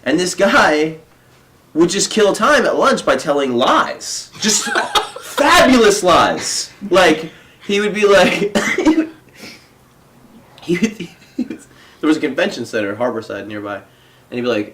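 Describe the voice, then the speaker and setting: A male comedian hosting a podcast, telling a story with a lively, fairly high voice that swings up and down a lot. He laughs often and talks casually. A faint hiss sits under the recording. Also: moderate pace. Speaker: podcast host.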